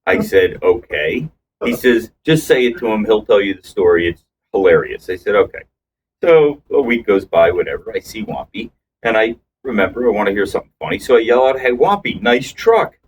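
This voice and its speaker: Low-voiced man rambling through a story. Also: lively intonation, brisk, distant mic, highs cut off, a little hiss or hum. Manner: rambling anecdotes with restarts and acted-out quotes. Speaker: podcast co-host. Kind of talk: casual storytelling chat.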